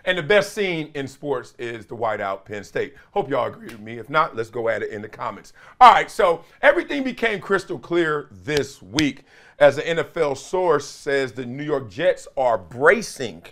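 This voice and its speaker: A middle-aged man hosting an animated sports talk show, playful, with quick asides and impressions. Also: medium pitch. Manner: lively, playful, drops into quick impressions and chants. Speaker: host.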